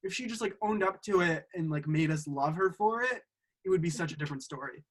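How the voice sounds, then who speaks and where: Lightly high-voiced male podcast host. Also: brisk. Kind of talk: casual chat.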